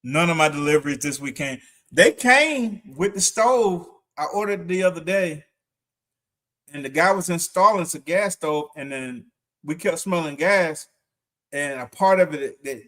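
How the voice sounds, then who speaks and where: A middle-aged man co-hosting a casual livestream, telling animated stories from home, laughing often and acting out quotes. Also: a little high. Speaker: livestream co-host. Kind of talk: casual chat.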